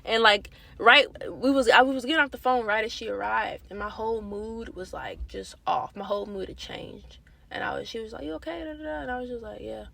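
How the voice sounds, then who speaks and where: Gravelly, bright-voiced young woman vlogger. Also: a little high, fairly quick. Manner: candid, animated, slangy storytelling. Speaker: vlogger sharing a faith testimony. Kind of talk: casual testimony.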